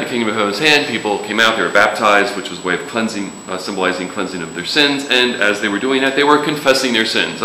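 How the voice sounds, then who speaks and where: A man's voice: lowish voice, bright, forceful tone, slight background noise. A man preaching a sermon in a casual, joking way, with sudden emphatic rises. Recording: echoey room with faint ambience.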